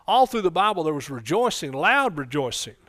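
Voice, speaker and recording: A man preaching a folksy sermon in church, breaking into loud excited bursts. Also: fairly high pitch, a little fast, no echo, clean studio sound. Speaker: pastor.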